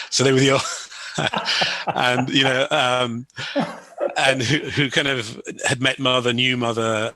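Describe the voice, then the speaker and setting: A man's voice: medium pitch, bright, forceful tone, no echo. A man telling a personal story as a guest, rambling, with many restarts and "you know"s.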